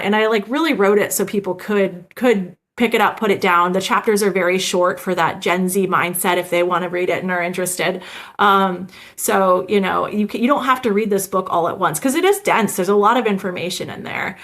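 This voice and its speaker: A woman's voice: mid-range voice, a little fast, a bit bright. A woman, an emergency physician, chatting in an interview over a video call, talking casually with many fillers and restarts. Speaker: emergency physician and author, guest.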